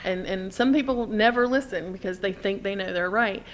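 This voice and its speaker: A woman on a podcast reflecting casually on her own past, in a halting way with many restarts. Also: mid-range voice, a little hiss or hum. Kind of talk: casual chat.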